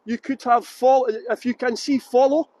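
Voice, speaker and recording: A man's voice: very high-pitched, steady tone, normal speed, warm tone. A Scottish man hosting a live virtual tour outdoors, chatting upbeat and greeting viewers by name. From Scotland. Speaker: tour guide host.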